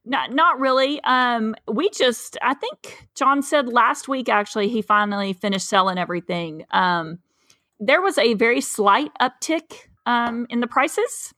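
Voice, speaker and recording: A woman's voice: on the high side, animated, measured pace, sharp tone, no room sound, clean studio sound. A woman cotton farmer from the Texas coast, chatting casually with easygoing fillers and restarts. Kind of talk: casual podcast chat.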